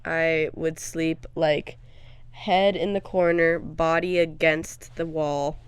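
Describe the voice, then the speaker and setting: A woman's voice: low voice, level tone, slow, clean tone, dry recording. A young woman co-hosting a podcast, telling frank, candid stories in casual chat with lots of filler words. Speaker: podcast co-host.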